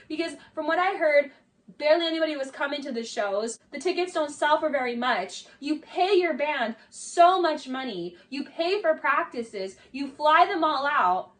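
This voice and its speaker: A woman's voice: high voice, far from the mic. A woman giving casual, chatty commentary for a video essay, full of "like"s and mocking asides.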